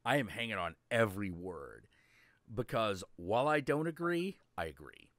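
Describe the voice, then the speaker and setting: Give me a male host telling a profane story, low voice, very dry. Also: very animated, normal speed, a bit bright, dry recording. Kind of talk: casual storytelling on a live stream.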